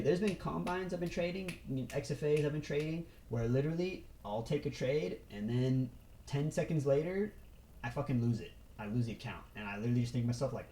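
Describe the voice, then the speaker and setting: Animated young man with a mellow voice. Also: mid-range voice, a little hiss or hum, poor audio. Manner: animated, swearing, slangy, quick bursts. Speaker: trader. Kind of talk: casual vlog monologue.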